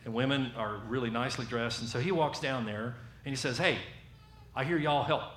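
A man with a Southern American accent preaching a sermon as a lively storyteller, acting out the voices of the people in his story. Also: mid-range voice, a little fast, reverberant.

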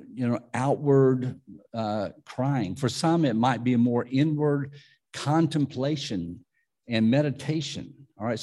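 Husky man preaching a sermon. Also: medium pitch, a little mellow. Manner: conversational, with restarts and asides. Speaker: pastor.

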